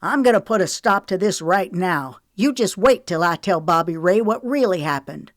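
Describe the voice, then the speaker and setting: A woman voicing a nervous, cornered young man who talks fast and loud, in an audiobook reading. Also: lowish voice, lively intonation, no echo, studio quality, close to an everyday voice. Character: agitated young man lashing out in panic.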